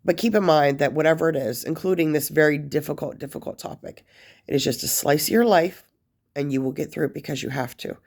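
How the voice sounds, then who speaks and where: A woman's voice: low voice, fast, vocal fry, darkish tone. A woman vlogger giving casual advice to camera, rambling with many fillers and restarts, and emotional enough to be near tears at times. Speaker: vlogger sharing life after prison.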